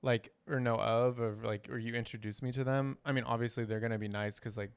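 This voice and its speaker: Smooth-voiced man in laid-back chat. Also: mid-range voice, fairly even intonation, brisk, no echo. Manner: laid-back, hesitant, filler-heavy. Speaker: podcast co-host. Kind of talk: casual chat.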